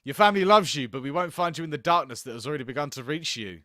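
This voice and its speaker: A man reading a game's lines as the judge's wife, slow and solemn, with a somewhat low voice. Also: lively intonation, bright, forceful tone, dry recording, clean studio sound. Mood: grave. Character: judge's wife, grave and foreboding.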